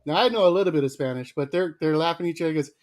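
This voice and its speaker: A man co-hosting a casual livestream, lively and quick to laugh as he greets viewers by name. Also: fairly high pitch. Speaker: livestream co-host.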